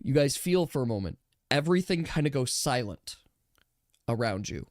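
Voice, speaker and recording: Tabletop game master, slow narration, lively pitch, hushed moments, dry sound. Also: no room sound. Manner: slow, drawn-out descriptive narration with hushed stretches.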